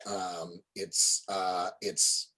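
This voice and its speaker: A man narrating a tabletop roleplaying game as its game master. He talks slowly and hesitantly, with a husky, slightly low voice. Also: flat delivery, sharp tone, poor audio. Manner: hesitant, full of ums and uhs.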